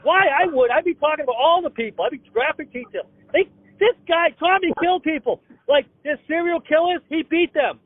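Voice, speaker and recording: Older comic, high and animated, stammering rant, heard over a thin phone line. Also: male voice, dry recording. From Boston area. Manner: fast ranting with stammered restarts. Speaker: comedian guest. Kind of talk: ranting comedic phone chat. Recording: tinny dry phone line.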